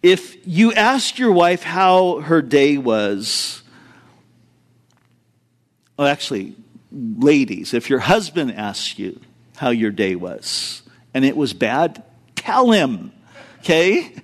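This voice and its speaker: A man's voice: mid-range voice, slow, pauses often. A middle-aged man, a pastor, giving a sermon with humorous stories, speaking directly to the congregation and acting out the voices in his anecdotes. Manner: animated storytelling, acts out quoted voices, addresses the congregation directly.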